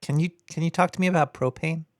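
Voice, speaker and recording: A man hosting a call-in comedy show, bantering loosely with a caller in a joking, deadpan way. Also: fairly high pitch, quick pace, dry recording, studio quality. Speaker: radio show host taking calls.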